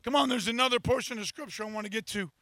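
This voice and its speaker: A man preaching with a bright, forceful edge, voicing the psalms as if they were his own cry and climbing into passionate shouts. The sound is dry and close, with no room around it. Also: very high-pitched, racing, dry recording, low-quality recording. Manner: impassioned preaching, acting out scripture in first person, building to shouts. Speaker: pastor. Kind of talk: sermon. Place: church.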